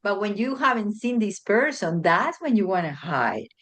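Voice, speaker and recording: A woman chatting casually as a guest, animated and often acting out little quoted dialogues. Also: medium pitch, moderate pace. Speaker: guest, family member. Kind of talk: casual chat.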